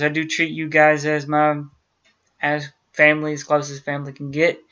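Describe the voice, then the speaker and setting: Bright and pushed, this man's mid-range voice carries an earnest, direct chat aimed straight at the viewers of his YouTube channel. It's a casual talk to camera, captured with dull, lo-fi sound.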